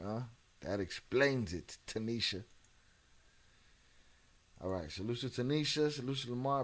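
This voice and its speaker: A man hosting a casual live stream, reading out names from his chat and rambling between clips. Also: medium pitch. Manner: loose, rambling, greets chat by name. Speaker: streamer reacting to an interview.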